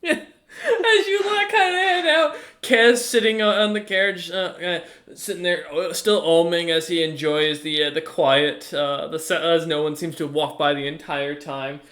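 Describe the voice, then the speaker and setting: A man runs a tabletop game as game master, narrating in a loose, rambling way with many fillers. His voice is fairly high and bright. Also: a little slow.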